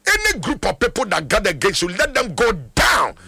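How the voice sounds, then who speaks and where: A man's voice: high-pitched, wildly swooping pitch, brisk, gravelly, bright, forceful tone, faint music behind. A middle-aged Ghanaian man, a pastor praying fervently for callers on a radio call-in, in a sing-song declaring cadence.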